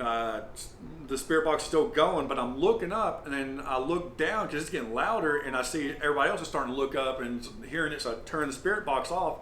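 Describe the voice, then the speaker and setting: A man, recounting his experiences as owner of an old lodge in a halting, rambling way with lots of fillers. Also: mid-range voice. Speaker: property owner and paranormal investigator. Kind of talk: casual storytelling interview. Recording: roomy with faint noise.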